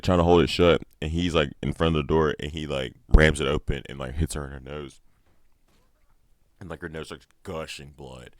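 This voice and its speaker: A man's voice: very deep voice, dry recording. A man casually recapping a TV series episode, profane and laughing often. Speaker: show recap vlogger.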